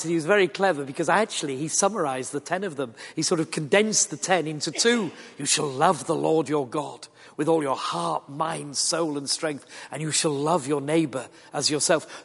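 A man's voice: a little high, fairly bright tone, husky. A middle-aged man with a Yorkshire accent preaching a sermon in a church, earnest and conversational with wry asides. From Yorkshire, England. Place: church or large hall. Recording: long reverb of a large hall.

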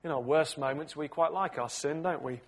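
A man preaching a sermon, telling a story expressively with big swings in loudness. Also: a little high, moderate pace, gravelly.

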